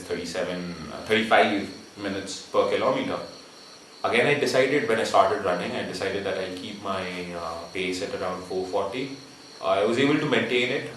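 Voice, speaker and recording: A man's voice: sits low, a bit bright, very echoey, recorded from a distance, a little hiss or hum, poor audio. A man vlogging casually about his running, rambling with many restarts and fillers, recorded outdoors. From India. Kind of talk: casual vlog talk.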